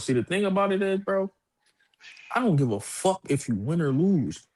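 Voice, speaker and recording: A man, co-hosting a casual boxing talk show, telling animated stories, acting out other people's voices and cursing freely. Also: on the high side, moderate pace, long pauses. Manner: animated storytelling, puts on voices of others, profane. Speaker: co-host of a boxing podcast. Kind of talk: casual chat.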